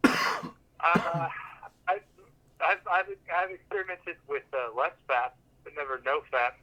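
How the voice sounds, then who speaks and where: Podcast guy, kinda high bright voice, stammers through his answer. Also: wildly swooping pitch, unhurried, low-quality recording. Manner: hesitant, stammering. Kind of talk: casual podcast chat.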